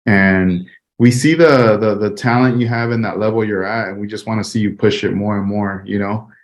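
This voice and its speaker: A man hosting a podcast, chatting in a relaxed, easygoing way with lots of filler words. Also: fairly low pitch, moderate pace. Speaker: podcast host. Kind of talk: casual interview chat.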